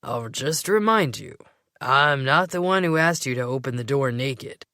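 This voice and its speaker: A woman voicing a laid-back, teasing young man who speaks in a slow drawl, in a dry, close recording. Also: very deep voice, animated, fairly bright tone, no room sound, full character voice.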